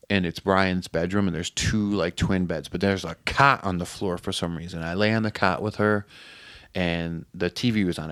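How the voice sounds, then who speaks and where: A man's voice: sits low, no room sound. A man from Connecticut telling a story as a podcast guest in casual, profane chat. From New Haven, Connecticut.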